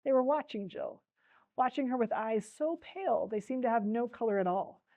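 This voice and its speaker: A woman's voice: on the high side, lively intonation, normal speed, warm tone, no room sound, rough recording. A woman presenting a book talk, reading a storybook aloud with expression and speaking directly to her listeners. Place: library talk.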